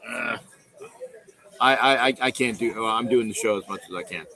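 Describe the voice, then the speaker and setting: Middle-aged man, livestream host, casual fan talk, repetitive rambling, average pitch. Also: normal speed, creaky, pushed and bright, poor audio. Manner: rambling, repeats himself, reads viewer comments aloud.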